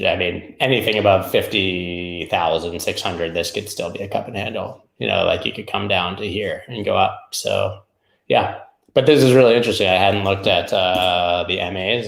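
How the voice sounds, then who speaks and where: A man talks through price charts in a loose, rambling way, tossing in irreverent jokes as he goes. His voice is gravelly and sits fairly low, and it rings a little in a roomy space. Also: a bit bright. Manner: rambling, irreverent, jokey asides. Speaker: crypto market show host. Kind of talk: casual live chart analysis.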